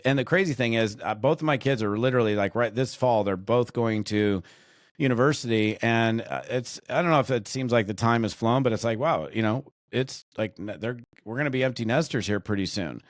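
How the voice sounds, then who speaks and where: A man's voice: mid-range voice, fairly quick, no room sound, studio quality. A middle-aged man from the United States, a network marketing trainer chatting as a podcast guest, rambling with fillers and restarts. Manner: rambling, animated storytelling with many fillers and restarts. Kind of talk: casual podcast chat.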